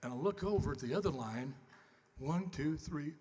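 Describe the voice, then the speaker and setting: A man's voice: fairly high pitch, normal speed, slightly rough. Folksy older man telling stories at a banquet. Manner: folksy, self-deprecating, animated. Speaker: honoree giving acceptance speech. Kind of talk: after-dinner storytelling speech. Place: large banquet hall. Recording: long banquet hall reverb.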